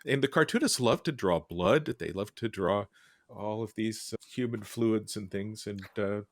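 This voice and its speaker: A man's voice: fairly low pitch, normal speed, no echo, studio quality. A man hosting a casual panel chat, describing cartoons aloud and quoting their characters. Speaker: host.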